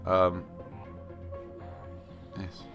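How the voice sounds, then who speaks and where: A man casually commentating his own racing game play, excitable, joking and rambling. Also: very slow, music in the background, low-quality recording. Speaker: games journalist playing and commenting.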